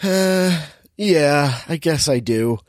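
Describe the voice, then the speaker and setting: Man voicing a nervous polite social worker guy, a bit higher than his usual voice. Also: expressive, slow pace, no room sound, clean studio sound.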